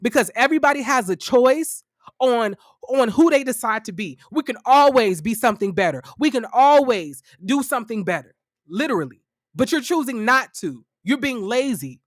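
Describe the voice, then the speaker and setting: A man giving casual reaction commentary on a reality show, profane and animated, with sassy, theatrical exclamations and dramatic asides. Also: very high-pitched, moderate pace, dry recording, studio quality.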